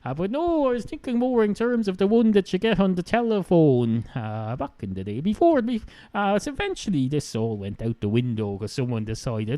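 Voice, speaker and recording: A man's voice: on the high side, sing-song, moderate pace, warm tone, no room sound. A man with an Irish accent hosting a solo podcast, rambling sardonically with many fillers. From Ireland. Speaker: podcast host.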